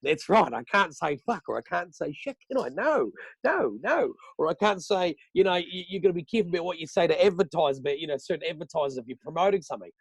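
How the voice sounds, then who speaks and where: A man's voice: a little high, racing, hardly any pauses, breathy edge, no room sound. Rambling, sweary New Zealand man. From New Zealand, Southland. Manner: swears freely, rambling and animated. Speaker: podcast guest, radio host. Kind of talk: casual chat.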